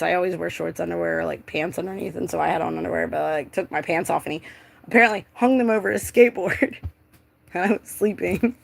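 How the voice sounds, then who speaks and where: A woman's voice: lowish voice, vocal fry. A young woman telling a personal story in a casual, rambling way, full of filler words and swearing.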